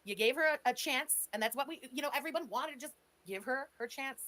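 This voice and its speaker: A woman's voice: high-pitched, quick pace, a bit bright. A woman giving blunt, sarcastic reaction commentary, scolding the person on a clip. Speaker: stream commentator.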